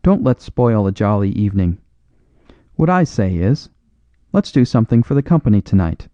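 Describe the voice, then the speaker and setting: A man's voice: lowish voice, big pitch swings, normal speed, warm tone, no room sound, muffled recording. A man voicing a boisterous, big-hearted Canadian farmer in an exuberant, hearty way for a storybook reading. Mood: enthusiastic.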